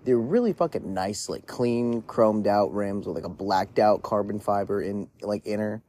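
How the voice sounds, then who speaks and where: A man's voice: lowish voice, moderate pace, warm tone. A man telling a story in a casual monologue, rambling with lots of "like" fillers and frequent swearing. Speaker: podcast storyteller.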